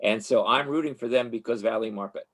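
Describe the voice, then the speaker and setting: An easygoing man on a town board, chatting over a video call at a middle pitch. He talks freely and casually. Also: fast, fairly bright tone. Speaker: board member. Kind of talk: casual chat at a meeting.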